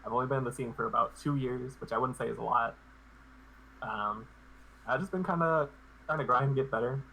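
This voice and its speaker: A man speaks as the guest on a casual live stream, his voice bright and forward. He talks in a laid-back, hesitant way and often restarts his sentences. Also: mid-range voice, fairly quick, gravelly, slight background noise, rough recording.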